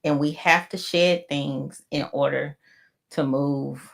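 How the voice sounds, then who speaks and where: A woman co-hosting a podcast, giving a slow, reflective, faith-based closing message with many pauses. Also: sits low, fairly even intonation, gravelly. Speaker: podcast co-host.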